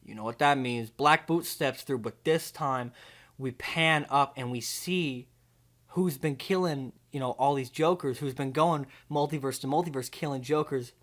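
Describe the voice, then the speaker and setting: Speaking at an ordinary speed, a young guy fronts a comedy clip, laying out a preposterous movie concept with dry, wandering delivery and plenty of "um"s and "uh"s.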